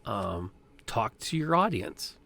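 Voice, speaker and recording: A man's voice: on the low side, very animated, slow, vocal fry, sharp tone. A man co-hosting a casual live-streamed chat, speaking in an earnest, reflective way as he sums up advice. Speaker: podcast co-host.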